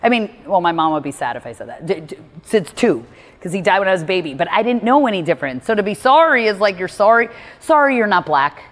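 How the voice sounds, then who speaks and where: A personal growth speaker, a woman, coaches a listener one-on-one with candid, blunt, emphatic advice, swearing freely. Her mid-range voice is very animated and fast. The audio has a big-room sound.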